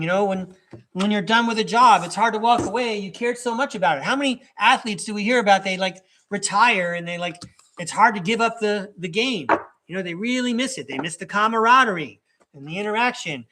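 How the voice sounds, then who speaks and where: A tarot reader and podcast host runs a live reading for his chat in a high, pushed, bright voice. He rambles chattily, full of asides, with small chuckles between thoughts.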